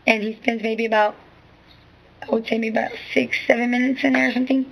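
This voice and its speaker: A woman's voice: on the high side, level tone, fast, vocal fry, poor audio. Rambling slangy woman telling a story. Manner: rambling, repeats "you know what I'm saying"; street slang, swearing. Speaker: witness giving a statement. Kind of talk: recounting events to an interviewer.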